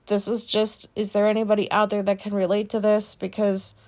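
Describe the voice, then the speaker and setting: A woman's voice: medium pitch, monotone, brisk, darkish tone. A woman hosting a casual solo podcast, talking in a rambling, self-questioning way and swearing freely as she thinks aloud. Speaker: podcast host.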